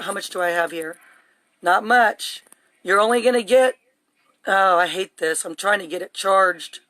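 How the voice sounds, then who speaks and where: A woman's voice: medium pitch, a bit bright, no room sound. A woman streaming live on her phone from inside her home, talking in an urgent, agitated, rambling way. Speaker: livestreamer. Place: home, indoors.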